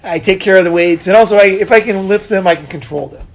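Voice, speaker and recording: A middle-aged man with a somewhat high speaking voice, telling stories in casual conversation. He is animated, laughs often and drops the odd curse word. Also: fast. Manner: animated, laughing storyteller who swears casually. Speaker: podcast host.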